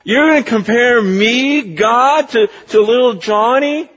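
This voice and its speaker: Fervent male preacher, high husky voice, long hall echo on a dull lo-fi recording. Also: slow. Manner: impassioned, swings from hushed to near-shouting. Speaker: pastor. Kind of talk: sermon. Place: church sanctuary.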